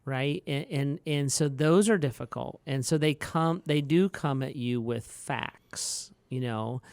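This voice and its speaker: A man's voice: unhurried, a little mellow, clear, resonant tone, no room sound. A man, a pastor co-hosting a podcast, chatting casually and acting out quotes from his stories. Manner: storytelling, acts out quotes in a higher voice.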